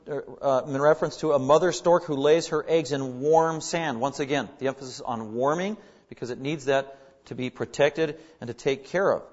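A man's voice: medium pitch, darkish tone, muffled recording. A man preaching a sermon, earnest and emphatic, leaning hard on key words as he builds his points. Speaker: pastor.

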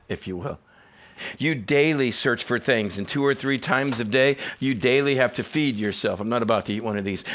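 A man's voice: mid-range voice, fairly bright tone. A man preaching a sermon, building to emphatic repeated phrases and acting out voices in casual asides. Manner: preaches with rising intensity, repetitive emphasis; dramatizes quoted voices in conversational asides. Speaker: pastor.

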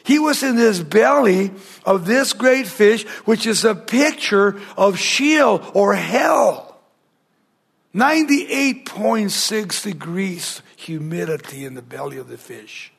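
A male pastor delivering a sermon in a high, gravelly voice. He asks the congregation rhetorical questions and sometimes sinks to a hushed near-whisper to press a point. His tone has a husky, rough edge throughout. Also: lively intonation, slow pace.

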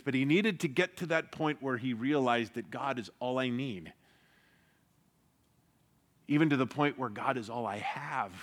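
A man preaching a sermon in an earnest way, dropping to a hush for emphasis and rising when he stresses a point. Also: medium pitch. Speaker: pastor.

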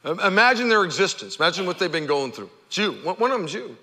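Pastor, male, high bright voice, animated storyteller, big reverberant church. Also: fast talker. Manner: animated storytelling, acting out the characters' shouts. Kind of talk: sermon.

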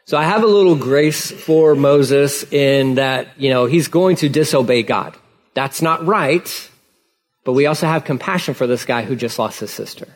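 A male pastor preaching a sermon in a casual, conversational way, acting out dialogue with lively emphasis. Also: medium pitch, normal speed.

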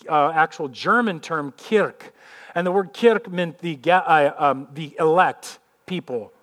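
A middle-aged pastor delivers a sermon in a fairly high voice. He talks to the congregation in an easy, conversational way and leans on rhetorical questions. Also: a bit bright.

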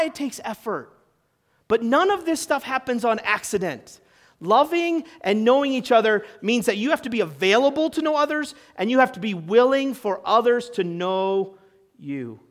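A pastor preaching to his church in a conversational way, asking the room questions and swinging between loud emphasis and quiet, hushed lines. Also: high voice. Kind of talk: sermon.

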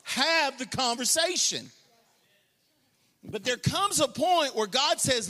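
A male pastor preaching a sermon with a passionate, colloquial delivery, dropping into quiet asides and joking with the congregation, then rising into shouted, sung-out lines. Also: extremely high pitch, expressive, takes it slowly, big-room sound. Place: church sanctuary.

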